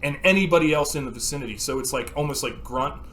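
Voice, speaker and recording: A man co-hosting a casual podcast, telling stories with lots of swearing and acting out scenes with sudden shouts. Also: a little high, quick pace, slight background noise. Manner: animated storyteller, acts out scenes with sudden shouts; swears freely. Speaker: podcast co-host. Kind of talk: casual chat.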